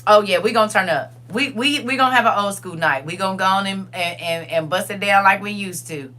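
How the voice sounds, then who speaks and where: A woman's voice: medium pitch, fairly quick, bright, forceful tone. An older woman hosting a casual livestream. She chats with her viewers, reads their comments aloud, and repeats phrases for emphasis. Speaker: livestream host.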